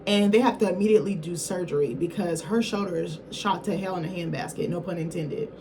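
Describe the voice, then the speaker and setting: A woman's voice: lowish voice, fairly quick, warm tone, slight background noise. A woman reviewer giving a casual film recap in a rambling, slangy, profane way, often correcting herself mid-thought.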